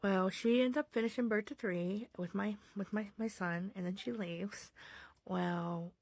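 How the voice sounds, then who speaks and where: A woman's voice: mid-range voice, a little slow, a little mellow, dry recording. A woman in her thirties, a mother, telling a story in a rambling way full of fillers and self-corrections. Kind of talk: casual storytelling.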